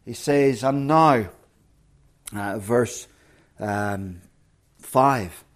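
A man's voice: medium pitch, drawn-out words. Dramatic storytelling preacher, a man. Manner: storytelling, dramatic retelling with acted quotes. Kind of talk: sermon.

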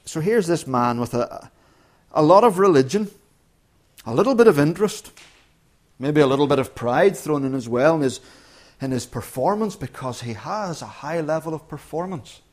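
Guy preaching a sermon, bit higher voice, earnest, punches certain words hard. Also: animated, moderate pace. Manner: earnest, emphatic, with frequent restarts and sudden loud stresses.

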